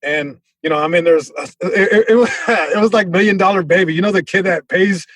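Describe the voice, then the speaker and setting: A man from Southern California, a comedian guest telling a story on a podcast, animated, with many restarts. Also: high voice, fairly quick, no echo, low-quality recording.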